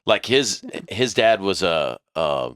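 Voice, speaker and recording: Animated, profane man telling stories. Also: sits low, slow, clear, resonant tone, no echo, studio quality. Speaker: podcast host. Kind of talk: casual storytelling.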